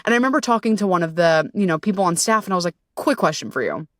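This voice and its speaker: On her podcast, a self-love coach and host shares a story with profane candor and plenty of "like" and "you know." She talks at a racing pace in a mid-range voice with a fairly bright tone. The sound is studio quality, with no echo.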